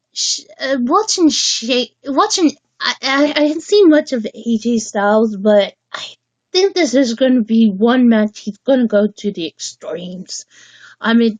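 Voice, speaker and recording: A woman hosting a casual livestream chat, rambling and halting as she restarts her sentences. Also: on the high side, dry recording, lo-fi sound. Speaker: livestream host.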